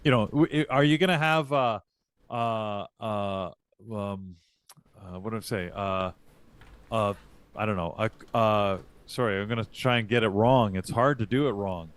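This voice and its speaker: A man's voice: lowish voice, a little slow, smooth. A man co-hosting a live trading show, chatting casually and rambling, with many restarts and repeated words. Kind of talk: casual chat.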